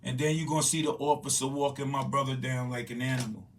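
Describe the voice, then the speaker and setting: A man's voice: mid-range voice, steady tone, fast talker, distant mic, slight background noise. A grieving man speaks with raw urgency, his voice heard from a little way off the microphone. He sounds pressed and emotional, talking straight from personal pain. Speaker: victim's brother facing charges.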